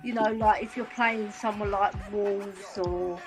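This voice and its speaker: A woman's voice: mid-range voice, fairly even intonation, unhurried, faint music behind. A woman calling in to a football chat show, chatty and teasing with frequent giggles. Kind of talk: casual call-in chat.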